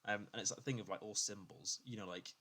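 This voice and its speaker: A man co-hosting a relaxed podcast chat, reading out figures and lists in an easy conversational way. His voice sits on the lower side for a man. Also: fast. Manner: conversational, reads out facts with "you know" fillers. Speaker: podcast co-host. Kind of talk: casual chat.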